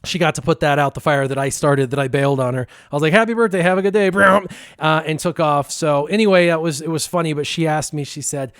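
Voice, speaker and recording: A man casually telling a funny story, lively and laughing as he acts out the voices of the people in it. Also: fairly high pitch, fast, few pauses, clean tone, dry recording, studio quality. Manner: animated, laughing, acts out quotes. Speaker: guest storyteller.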